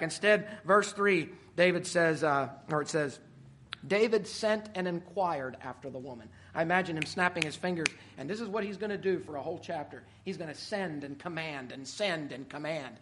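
A middle-aged man preaching a sermon, swinging from quiet asides to loud, emphatic peaks. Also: fairly high pitch, normal speed.

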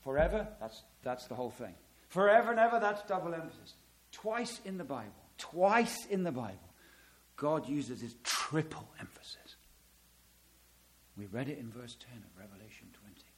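A middle-aged man preaching a sermon, dramatic, swelling loud on key words and dropping to a hush. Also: fairly high pitch, big pitch swings, a little fast, a little hiss or hum.

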